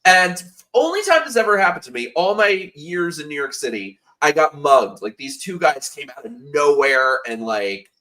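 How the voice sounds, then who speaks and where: A man hosting a casual online talk show, playful and quick to laugh. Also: on the high side, sing-song, pushed and bright. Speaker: host. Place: lived in Brooklyn.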